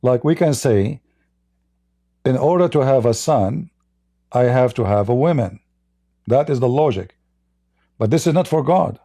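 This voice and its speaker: Gravelly-voiced man mocking on a livestream. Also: medium pitch, expressive, unhurried, long pauses, warm tone, no echo, studio quality. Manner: blunt, mocking, repetitive restarts. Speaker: livestream host. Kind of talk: livestream monologue.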